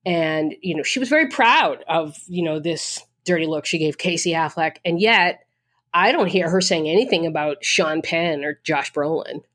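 A woman's voice: low voice, moderate pace, fairly bright tone. A woman from the Boston area chatting casually as a co-host, blunt, profane and opinionated, with lots of fillers. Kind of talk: casual chat.

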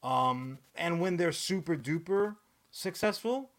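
A man co-hosting a podcast, rambling and swearing freely, cracking jokes in quick bursts. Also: fairly high pitch, animated, fairly bright tone. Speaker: podcast co-host. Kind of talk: casual podcast chat.

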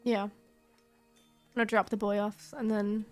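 A woman's voice: mid-range voice, little pitch movement, moderate pace, a little mellow, soft background music. A woman playing a tabletop game, speaking plainly and firmly. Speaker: player.

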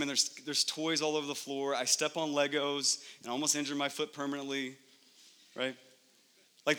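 A man in his thirties preaching a sermon as pastor, animated and conversational, acting out little scenes at home. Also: a little high. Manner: animated, acts out scenes in lively voices. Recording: long hall reverb.

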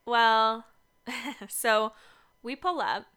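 A woman's voice: a little high, drawn-out words, bright, forceful tone, smooth. A young woman co-hosting a casual podcast from a basement home studio, upbeat and chatty. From Seattle area. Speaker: podcast co-host. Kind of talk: casual chat.

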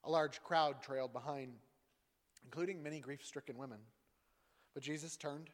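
A man's voice: a little high, normal speed, big-room sound. A man giving a dramatic liturgical reading of scripture in church, acting out the voices in the passage. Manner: acts out the voices in the passage, rising loud for the crowd. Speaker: scripture reader.

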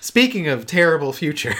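Animated, swearing male podcast co-host. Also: fairly high pitch, slight background noise. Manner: animated, swears freely, laughs often. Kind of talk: casual chat.

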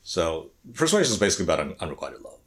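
A man's voice: deep voice, very animated, very fast. A middle-aged man co-hosting a podcast in casual chat, often repeating words and restarting phrases while he thinks. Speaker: podcast co-host.

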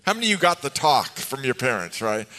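A man's voice: medium pitch, sing-song, fast, sharp tone. A middle-aged male pastor preaching a sermon to his congregation, telling stories with humor and asking the people questions. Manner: conversational storytelling with humor, asks the congregation questions. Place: church sanctuary with congregation. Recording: long hall reverb.

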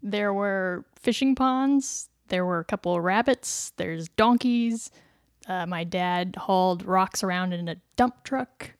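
A woman's voice: medium pitch, takes it slowly, dry recording. A woman from Missouri with a slight Missouri accent, a podcast guest chatting casually with dry, wry humor.

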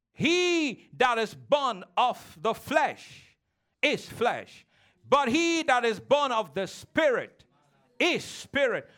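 High-voiced preaching pastor. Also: male voice, a bit bright. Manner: preaching with call-and-response, mimicking childish voices. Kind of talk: sermon. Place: church.

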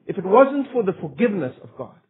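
A man's voice: high-pitched, very animated, fast, husky. A man preaching a sermon in an earnest, emphatic way, asking his listeners rhetorical questions. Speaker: pastor. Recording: tinny phone-like sermon recording.

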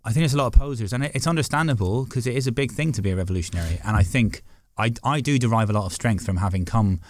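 A man's voice: mid-range voice, dry recording, clean studio sound. A man with a Northern Irish accent, a barrister and guest, telling stories in a passionate, argumentative, casual podcast conversation. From Northern Ireland. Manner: fast, passionate, argumentative storytelling.

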